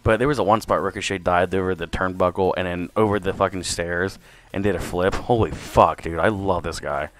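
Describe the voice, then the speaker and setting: A man's voice: deep voice, brisk. A young man hosting a wrestling podcast, rambling through a casual review with lots of swearing and fillers. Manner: rambling, profane, excitable. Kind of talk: casual solo review commentary.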